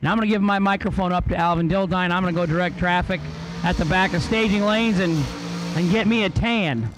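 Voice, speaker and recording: Brisk joking race announcer man. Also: high voice, noisy background. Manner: brisk, joking lane calls. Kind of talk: casual race calling.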